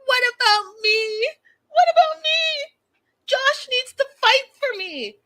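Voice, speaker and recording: A woman's voice: animated, takes it slowly, fairly bright tone, heavily acted. A woman imitating a whiny, clingy woman who wails and mock-cries for attention. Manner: shrill, mock-crying.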